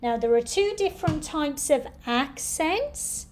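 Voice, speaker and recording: A woman's voice: high-pitched, animated, a little slow, darkish tone, a little hiss or hum. A woman teaching piano, giving patient step-by-step practice instructions.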